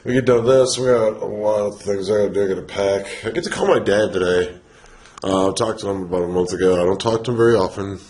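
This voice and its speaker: A man's voice: on the low side, steady tone, fast, a little mellow, a little hiss or hum. A young man chatting casually in a couple's home vlog, joking around and slipping into silly put-on accents. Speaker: vlogger.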